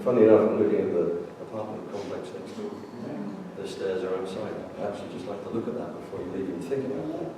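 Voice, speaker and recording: A man's voice: deep voice, quick pace. A man preaching a sermon as a priest, telling stories with a joking, jovial manner. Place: church sanctuary. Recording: echoey church, distant mic, background noise.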